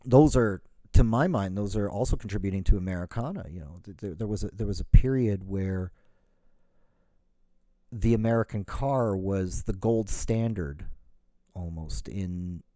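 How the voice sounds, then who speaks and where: A man's voice: fairly low pitch, normal speed, dark tone, dry recording. A middle-aged man from Canada in a casual solo talk, rambling and correcting himself, with many "you know"s. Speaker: podcast host.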